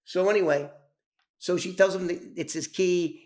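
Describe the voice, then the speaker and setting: A man's voice: sits high, steady tone, normal speed, a little mellow. A man telling an old story in casual, profane, rambling talk full of restarts and asides. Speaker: former informant telling his story.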